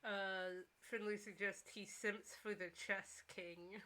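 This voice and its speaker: A woman co-hosting a live stream, reading out viewer comments between giggles. Her voice is bright and crisp, sitting at a middle pitch. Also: steady tone, slow. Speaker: streamer co-host reading chat. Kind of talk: casual Twitch stream chat.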